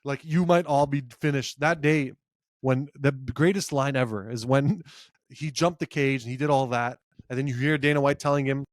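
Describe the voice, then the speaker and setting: A man co-hosting a casual sports podcast, telling animated stories, acting out quotes and laughing often. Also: medium pitch, moderate pace, no echo, clean studio sound. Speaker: podcast co-host.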